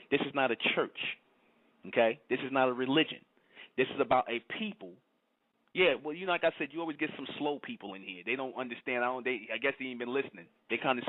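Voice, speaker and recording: Replying to his chat, a channel host scolds viewers in a medium-pitched voice, repeating himself and asking rhetorical question after rhetorical question. The audio has no echo but sounds tinny, like a phone.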